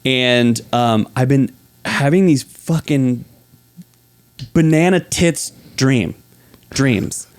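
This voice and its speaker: A man's voice: mid-range voice, extremely slow, pauses often, clear, resonant tone. A man co-hosting a podcast in loose casual chat, rambling through stories with crude jokes and laughter. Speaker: podcast co-host.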